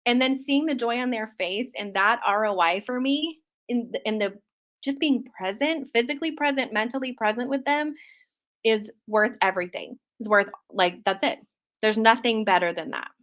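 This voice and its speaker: A woman's voice: on the high side, moderate pace, a bit bright. Upbeat emphatic woman guest. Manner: upbeat and emphatic, laughs often. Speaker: podcast guest, author. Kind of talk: casual interview chat.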